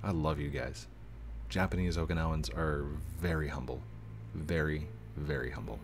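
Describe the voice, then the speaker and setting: A man in his thirties, a gaming YouTuber, answering viewer questions in a rambling, casual way that swings from somber to excited. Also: rumbling low, normal speed, slight background noise. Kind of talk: casual Q&A chat. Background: faint music.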